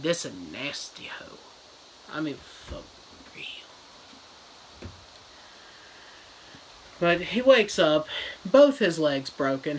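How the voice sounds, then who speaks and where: A reviewer retelling a novel as a crude, rambling comedy summary with deadpan jokes. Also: medium pitch, slight background noise, poor audio. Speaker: book reviewer.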